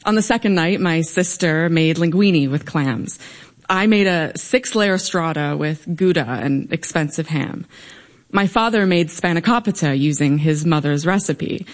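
A young woman recounts a personal story before a live audience. Her tone is wry and humorous, and her voice sits a little on the low side. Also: measured pace. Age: young adult.

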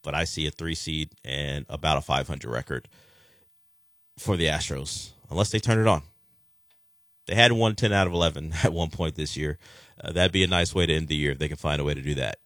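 A man's voice: rumbling low, a little fast, fairly bright tone, no echo, clean studio sound. A man hosting a sports talk radio show, chatting casually and rambling with frequent restarts.

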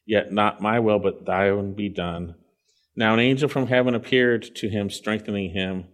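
A man preaching an earnest sermon, reading scripture aloud and explaining it, rising on key phrases and dropping quiet to stress others. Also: on the low side, fairly even intonation, normal speed. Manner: earnest, swells loud on key phrases then drops quiet.

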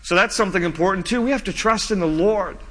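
A male pastor preaching a sermon, slow and emphatic, dropping low and soft on key lines. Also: in a large hall, poor audio.

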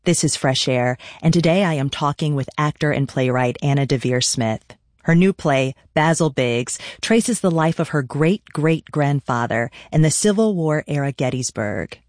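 A radio interview host reads a polished introduction and then moves into questions. The delivery is measured and clear, at a middle pitch. The sound is close and dry. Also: a little mellow, no echo.

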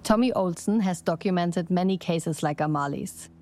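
Measured woman reporter narrating. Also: on the low side. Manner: measured, even delivery. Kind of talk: scripted news narration.

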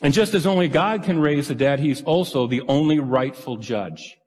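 A man preaches a sermon in an earnest, emphatic storytelling manner. His voice sits a little high for a man. It carries a long reverb, as from a large hall. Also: normal speed, a little mellow, breathy edge. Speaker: pastor.

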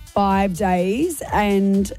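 A woman co-hosting radio, her voice husky and worn, chatting in a relaxed way. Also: mid-range voice, extremely slow, faint music behind. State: husky from a strained voice. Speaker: radio co-host. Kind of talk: casual radio banter.

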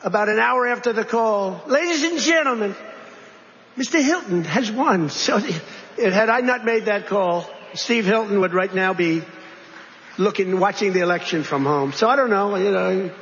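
A man's voice: sits high, moderate pace, fairly bright tone, a little hiss or hum. A man, a politician, giving a rambling, repetitive political speech to a crowd in a large hall. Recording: dull recording with long hall reverb.

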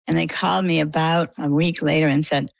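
Low, gravelly middle-aged woman storyteller. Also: a little fast, dry recording, low-quality recording. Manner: animated, lively retelling. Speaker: interview guest. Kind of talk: conversational storytelling.

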